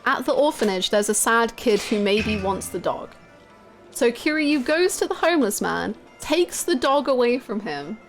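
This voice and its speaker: A young British woman streaming a game and chatting with viewers, telling stories in an animated, laughing way. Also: fairly high pitch. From United Kingdom. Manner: animated, laughing storytelling, reading chat aloud. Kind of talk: casual live-stream chat with viewers.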